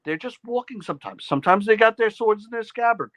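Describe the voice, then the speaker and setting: A man who runs tabletop games explains his approach earnestly, ticking through his points one by one. His voice is high and bright, with a crisp edge. It is recorded dry, with no room sound around it. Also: lively intonation, quick pace, no echo. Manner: earnest, list-making explanations. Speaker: podcast co-host and game master. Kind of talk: casual gaming chat.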